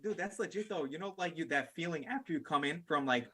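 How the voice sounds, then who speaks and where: A man's voice: a little high, animated, quick pace, a crowd in the background. A man in casual chat, laughing through loose banter.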